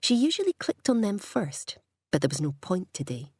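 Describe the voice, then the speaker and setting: Female audiobook narrator, low husky voice, measured and wry delivery, dry close recording. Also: big pitch swings, a little mellow, no room sound. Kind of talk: scripted narration.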